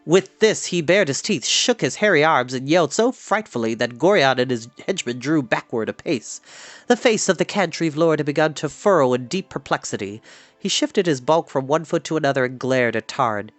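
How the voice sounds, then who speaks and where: A man's voice: a little high, moderate pace, dry recording. A man reading a novel chapter aloud, acting out the dialogue. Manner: animated, acts out dialogue. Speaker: storyteller.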